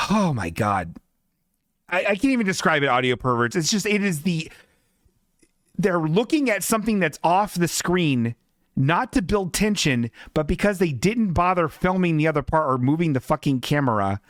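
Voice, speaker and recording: A man's voice: a little high, fairly bright tone, no echo, studio quality. A man hosting a podcast, giving casual, sarcastic, profanity-laced live commentary on a TV show. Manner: sarcastic, profane, exasperated riffing. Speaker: podcast host.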